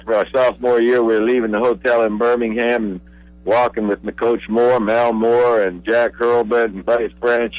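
An older man from Pennsylvania, a radio guest reminiscing, pausing often with uhs and repeated words. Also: mid-range voice, no echo, dull audio. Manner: halting, many uhs and repeated I's. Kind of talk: relaxed reminiscing.

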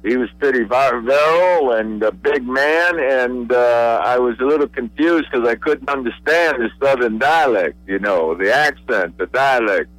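An older man from Pennsylvania, a radio guest reminiscing, pausing often with uhs and repeated words. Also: medium pitch, fairly bright tone, no echo, poor audio. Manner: halting, many uhs and repeated I's. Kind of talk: relaxed reminiscing.

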